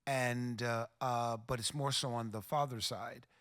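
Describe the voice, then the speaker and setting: Man, podcast host, earnest, faith-based conversation, middle pitch. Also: steady tone, a little slow, a bit bright. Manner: earnest, quotes scripture, affirming.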